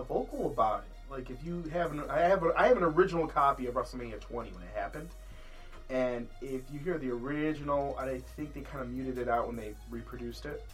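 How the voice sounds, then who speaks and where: A man hosting a casual podcast chat, swearing freely and laughing as he tells animated stories. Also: medium pitch. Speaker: podcast host.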